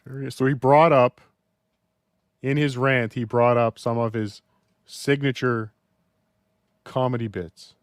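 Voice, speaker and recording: A man's voice: medium pitch, steady tone, takes it slowly, pauses often, no room sound. A man asking probing questions in a dry, mock-serious interview manner.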